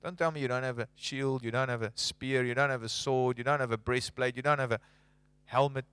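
A man preaching who voices God speaking to a prophet, firm and insistent in a lowered voice. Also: fairly even intonation, brisk, a bit bright, clear, resonant tone, dry recording, close to an everyday voice. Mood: commanding. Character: commanding divine male voice, patient and firm.

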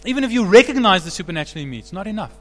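In a church hall with a long echo, a male pastor's fairly high voice carries his sermon at a very fast clip. He preaches animatedly, building up to loud, forceful high points.

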